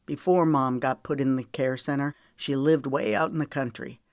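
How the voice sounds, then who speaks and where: A woman's voice: rumbling low, steady tone, normal speed, a little mellow, no room sound, clean studio sound. A woman narrator voicing a weary, protective male friend in an audiobook, blunt and earnest. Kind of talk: audiobook character voice.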